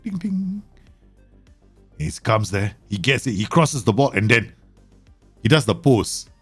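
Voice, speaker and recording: A man commentating live on a football management game, excitable and teasing, bursting into exclamations. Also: mid-range voice, measured pace, husky, soft background music.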